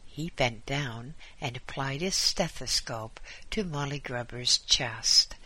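A man narrating a story in a measured, descriptive way. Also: mid-range voice, pushed and bright, husky.

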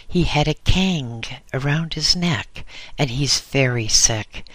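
A man's voice: on the high side, slow, fairly bright tone, dry recording. A man reading the part of an earnest, respectful young male monk in an audiobook.

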